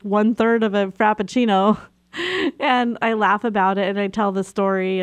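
A woman's voice: medium pitch, dry recording. A woman radio host and therapist telling a personal story in a casual way, laughing often as she talks. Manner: laughs often while telling stories, animated. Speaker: radio show host and marriage and family therapist.

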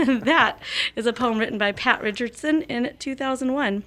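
A woman's voice: on the high side, fairly bright tone. Chatty woman radio host. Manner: chatty, lightly joking. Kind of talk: reading a poem and community announcements.

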